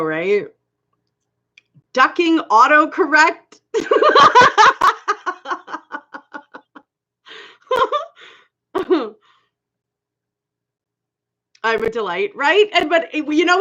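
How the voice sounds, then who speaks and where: A woman's voice: high-pitched, fairly bright tone. A woman hosting a casual livestream, chatting with viewers by name, laughing often, with a slight accent. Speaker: livestream host. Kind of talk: casual live chat reading comments. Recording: dull lo-fi livestream audio.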